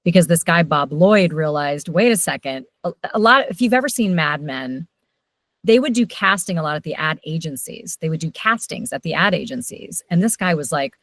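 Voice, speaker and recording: The recording is dry, and the woman's pitch is fairly low. A middle-aged voiceover coach, she animatedly recounts stories in a casual interview, with quick changes in loudness.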